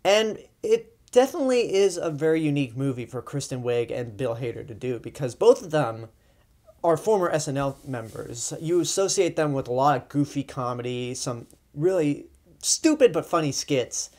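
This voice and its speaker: A man's voice: a little high, animated, moderate pace, a little mellow. A man giving casual, opinionated movie reviews, chatty and loose, with frequent ums and likes.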